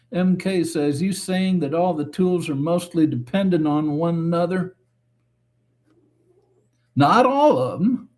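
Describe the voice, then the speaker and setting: A man hosting a casual live stream, reading viewer comments aloud and answering them in a relaxed, chatty way. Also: on the high side. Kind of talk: casual chat.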